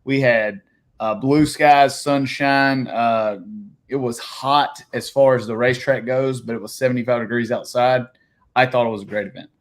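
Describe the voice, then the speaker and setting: A man's voice: mid-range voice, fairly even intonation, normal speed. Easygoing man hosting a casual chat. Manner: easygoing, joking questions. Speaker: host.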